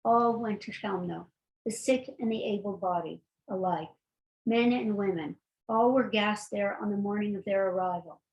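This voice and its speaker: A woman presenting readings from a historian's books, reading passages in a measured, deliberate way with halting asides between them. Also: medium pitch, darkish tone, muffled recording. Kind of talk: reading aloud from books with brief spoken asides.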